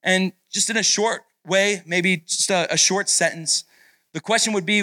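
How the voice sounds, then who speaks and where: Energetic male youth pastor, bright voice, encouraging hype man with a handheld mic. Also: high-pitched, normal speed, dry recording. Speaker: guest pastor at a youth retreat. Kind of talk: sermon and leading audience sharing. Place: large meeting room with students. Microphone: handheld microphone.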